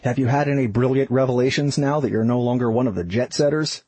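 Man putting on a blunt Boston hiking buddy, husky and raised, dry and close. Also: mid-range voice, quick pace, a little mellow, no echo, close to an everyday voice. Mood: matter-of-fact. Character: easygoing adult male hiking buddy.

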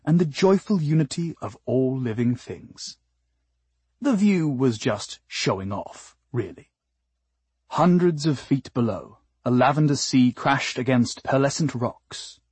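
A man's voice: medium pitch, husky, no room sound. A man reading a novel aloud as an audiobook narrator, with wry, dryly comic storytelling. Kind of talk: expressive scripted narration.

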